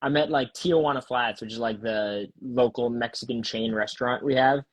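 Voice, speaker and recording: Husky tired man chatting on a call. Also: medium pitch, moderate pace, no echo, rough recording. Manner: laid-back, rambling, lots of fillers and laughs. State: worn out after partying, recovering from a cough. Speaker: guest. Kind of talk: casual chat. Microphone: phone video call.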